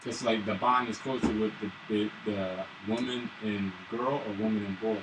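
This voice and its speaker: A man's voice: fairly low pitch, fairly even intonation, moderate pace. A man in casual chat, jumping in with jokes. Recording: roomy, distant mic, faint hiss.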